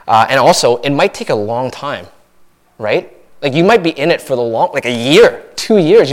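A man preaching a sermon in a conversational way, often restarting and asking "right?". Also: on the high side. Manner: conversational, many restarts and tag questions. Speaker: pastor.

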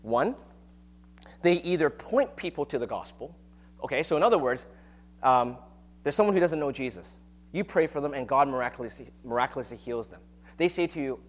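A man's voice: medium pitch, animated, fairly quick. Conversational male preacher. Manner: conversational teaching with fillers and rhetorical questions. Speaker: pastor. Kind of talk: sermon.

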